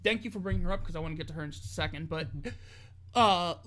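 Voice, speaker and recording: A man chatting casually on a wrestling podcast, laughing often and telling things in an animated way. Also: on the high side, fast talker. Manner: lively, laughing, animated storytelling.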